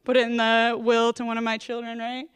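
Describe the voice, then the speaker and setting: Thirty-something woman rambling through a standup set, kinda high, really clean smooth voice. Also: monotone, fairly quick. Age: 30s. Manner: rambling, self-deprecating, lots of "like". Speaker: stand-up comedian. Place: comedy stage.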